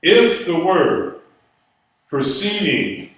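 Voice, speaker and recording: This time the Hebrew instructor's voice sits high and a bit bright, very animated yet very slow, as he patiently spells each word letter by letter. The classroom audio is echoey and distant.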